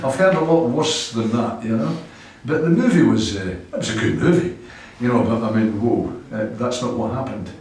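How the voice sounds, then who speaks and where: A man's voice: mid-range voice, moderate pace, few pauses, darkish tone. A man from Scotland with a Scottish accent, a rock musician chatting in an interview and telling rambling anecdotes with frequent chuckles. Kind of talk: casual interview chat. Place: old cinema venue. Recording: echoey room from a distant mic.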